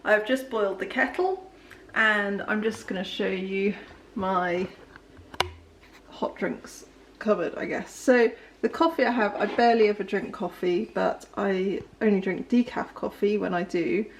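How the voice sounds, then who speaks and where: A young woman talks her way through a relaxed home vlog in her kitchen. Her voice sits at an ordinary middle pitch, and she rambles along with frequent ums and small laughs. A faint hiss sits under the recording. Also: a little slow. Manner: chatty, rambling, laughs often, many ums. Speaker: vlogger. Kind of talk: casual day-in-the-life vlog.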